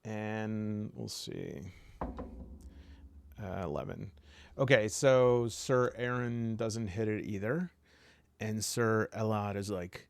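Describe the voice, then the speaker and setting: A man playing a tabletop game by himself, talking casually and rambling with humorous asides. His voice is gravelly and his pace is slow. The sound is dry and close. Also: fairly low pitch, dry recording. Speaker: solo tabletop game player.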